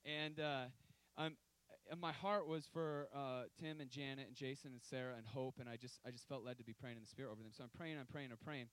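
A man in his thirties preaching a sermon, telling stories with emphatic, sudden loud outbursts. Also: mid-range voice, steady tone, brisk, clean tone, low-quality recording.

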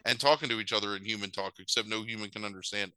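A man's voice: on the low side, rapid-fire, pushed and bright, clear, resonant tone, no echo, poor audio. Sarcastic man recapping a movie. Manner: profane, sarcastic, does voices. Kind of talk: casual comedic movie recap.

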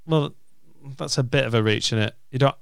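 A man's voice: mid-range voice, fairly quick, gravelly, clear, resonant tone, dry recording, studio quality. A man with a Lancashire accent, a comedian chatting casually on a podcast, swearing and telling stories. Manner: sweary, joking, storytelling.

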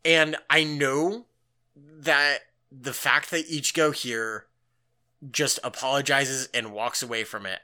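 Bright-voiced man recapping casually. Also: medium pitch. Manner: animated, filler-heavy, acts out quotes. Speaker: podcast co-host.

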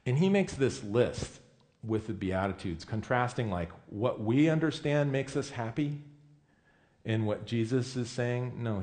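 A man's voice: mid-range voice, a little mellow. A man preaching a sermon in a conversational, emphatic way, often correcting himself mid-sentence. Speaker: pastor.

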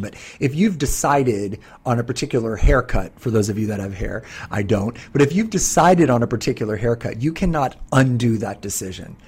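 A man in his fifties co-hosting a podcast, telling stories in a casual, animated way with lots of fillers. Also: mid-range voice, slightly rough. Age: 50s. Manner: animated storyteller, many fillers. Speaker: podcast co-host.

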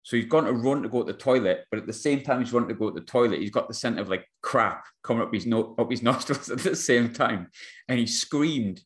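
A man's voice: mid-range voice, brisk. A young man, hosting a podcast and telling a funny story in casual, slangy chat. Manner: animated, laughing storyteller, slangy. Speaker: podcast host.

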